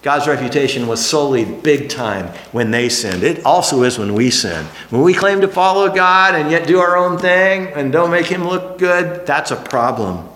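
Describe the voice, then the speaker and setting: A man preaching a sermon, emphatic, dropping to hushed lines and then rising to animated exclamations. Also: fairly high pitch, normal speed, hardly any pauses. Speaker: pastor. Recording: echoey hall.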